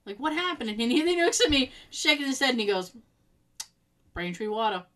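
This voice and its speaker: Bright-voiced New woman telling a story. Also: high-pitched, fast, slight background noise, rough recording. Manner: animated, laughing, acts out quotes. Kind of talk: casual storytelling chat.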